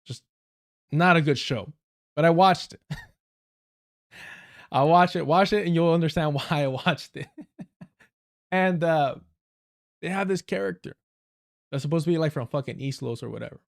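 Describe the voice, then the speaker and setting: A man's voice: a little high, normal speed, gravelly, pauses often. A man from Southern California with a Southern Californian accent, giving blunt, heavily profane casual commentary as a livestream host. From Southern California, United States. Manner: blunt and profane, with frequent swearing and laughing asides.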